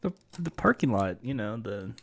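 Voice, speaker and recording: A man's voice: on the low side, sing-song, moderate pace, creaky, fairly bright tone. A man hosting a comedy podcast, chatting in a rambling, self-deprecating way. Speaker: podcast host. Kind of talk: casual comedy chat.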